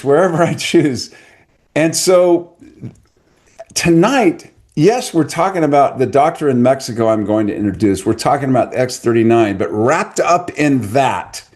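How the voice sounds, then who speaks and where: A man's voice: medium pitch, darkish tone. A middle-aged man hosting a podcast, chatting casually with an eager, salesy enthusiasm. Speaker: podcast host. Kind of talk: casual online talk.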